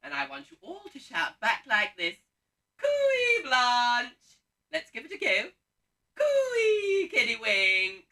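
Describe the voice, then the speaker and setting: An actor playing a vain, bossy pantomime dame cook on stage, loudly getting the audience to shout back. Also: male voice, high voice, very animated, a little fast, hardly any pauses, exaggerated voice. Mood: rousing. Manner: loud, camp, bossy, rouses the audience. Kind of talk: live pantomime stage acting. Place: theatre stage. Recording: distant stage sound from the hall.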